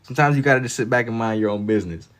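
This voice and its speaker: Speaking very fast in a mid-range voice, this livestreamer chats casually as he draws. He goes through viewer comments with laid-back slang and frequent easy laughter.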